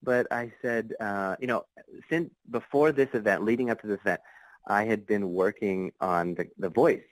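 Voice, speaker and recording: A man guesting on a podcast, recounting a story in a loose, rambling way full of fillers and false starts. His voice sits low. The sound is dry and close, with no room around it. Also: normal speed, no room sound, low-quality recording. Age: adult. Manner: rambling, many fillers and restarts. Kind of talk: casual storytelling.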